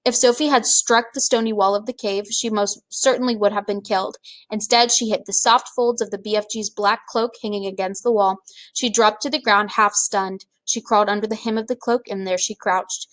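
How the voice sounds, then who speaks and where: A woman reading a children's book aloud, with expressive, measured storytelling. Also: medium pitch. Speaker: reader.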